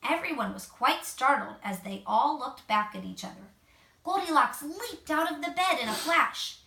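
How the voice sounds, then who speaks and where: A mother reading a picture book aloud to her child at home, expressive, with gentle asides. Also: high voice, moderate pace, creaky. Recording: echoey room, mic at a distance.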